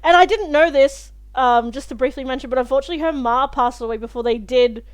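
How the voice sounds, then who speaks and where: Young woman, high voice, casual show review, animated, chatty, cursing, reaction host. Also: fast talker. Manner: animated and chatty, swears freely, many fillers. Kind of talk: casual spoken review of a TV episode.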